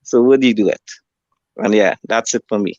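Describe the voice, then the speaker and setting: A man calling in to a fan show, talking in a relaxed, friendly way with plenty of slang. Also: fairly low pitch, normal speed, no echo. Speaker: caller. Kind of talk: casual call-in chat. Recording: dull lo-fi line.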